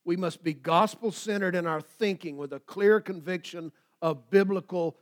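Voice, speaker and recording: A pastor preaching a sermon, swinging between loud declarations and quiet asides. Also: male voice, high-pitched, normal speed.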